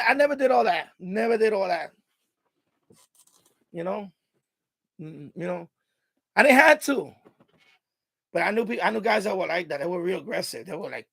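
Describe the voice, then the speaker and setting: A man's voice: very high-pitched, vocal fry, slightly rough, no room sound. A middle-aged man hosting a live stream, telling stories in a rambling, casual way, laughing often and repeating himself. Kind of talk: casual storytelling monologue.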